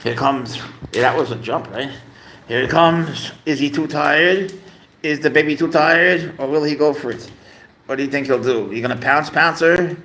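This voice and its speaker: A man's voice: medium pitch, moderate pace, a bit bright. Rambling man chatting on a home livestream. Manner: rambling, filler-heavy, talks to his cat and viewers. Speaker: livestream host, pet owner. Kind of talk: casual livestream chat. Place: home room.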